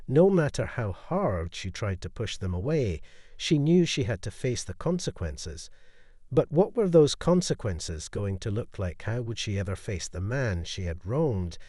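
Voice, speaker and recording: A man tells a scripted dramatic story in a steady storytelling manner. His pitch moves lively and animated through the sentences. The recording is dry, with no room echo. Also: a little slow. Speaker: narrator.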